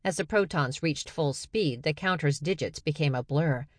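A woman narrating a science fiction story in a steady, measured way. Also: sits low, no echo, studio quality. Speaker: audiobook narrator. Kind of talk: scripted narration.

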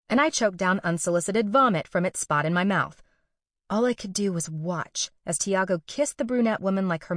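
A woman's voice: medium pitch, no echo, studio quality. A young woman narrating a first-person story with wry, sarcastic and profane humor.

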